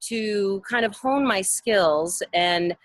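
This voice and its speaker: A woman voice actor chats as a guest over a video call, telling her stories with animation. She acts out the voices of the people she quotes. Her voice sits at a middle pitch, and the sound is dry and close. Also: takes it slowly, dry recording. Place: home in a mountain town.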